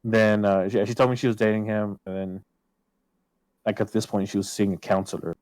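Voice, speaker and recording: A man with a lowish voice tells a long personal story in relaxed podcast chat. He swears freely and jumps up in pitch when he quotes himself. The recording is close and dry, with no room sound. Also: fairly quick, no room sound, low-quality recording.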